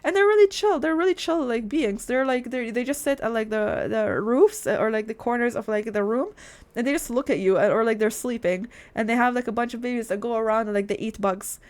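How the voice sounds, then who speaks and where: A woman's voice: on the high side, a little fast. Candid, rambling young woman vlogger. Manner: candid, swears often, heavy filler "like", addresses viewers as guys. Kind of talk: casual rambling monologue.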